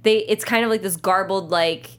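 A woman co-hosting a podcast, chatting casually and playfully about a TV show. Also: mid-range voice. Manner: chatty, playful, quick to joke along. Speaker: podcast co-host. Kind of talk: casual TV recap chat.

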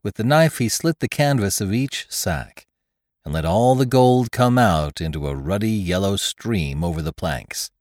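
Deep-voiced male storyteller. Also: expressive, measured pace, a little mellow, no room sound, clean studio sound. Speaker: podcast narrator. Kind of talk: audiobook narration of an adventure story.

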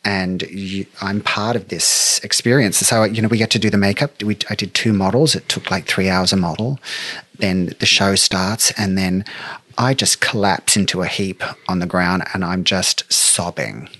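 A middle-aged man from Australia, a make-up artist telling stories in an interview with lively, emotional delivery. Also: low voice, moderate pace, no room sound. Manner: animated, emotional storyteller who acts out quotes. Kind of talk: storytelling interview chat.

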